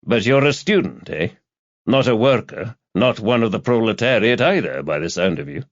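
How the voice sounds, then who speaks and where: A man voicing a world-weary, sardonic middle-aged male detective who talks in a dry, mocking, low-key way. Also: expressive, moderate pace, no room sound. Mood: needling. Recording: dull, dry lo-fi audio.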